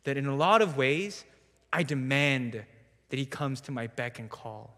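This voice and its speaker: A man's voice: mid-range voice, expressive, measured pace, sharp tone. Young man preaching in a reverberant church. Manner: conversational storytelling with self-deprecating humor. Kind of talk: sermon. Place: church sanctuary.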